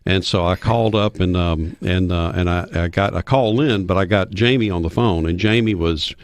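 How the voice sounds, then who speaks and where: A man's voice: low-pitched, normal speed, no echo. Man telling old stories. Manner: anecdotal, folksy, animated when quoting others. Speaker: guest. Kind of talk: storytelling interview.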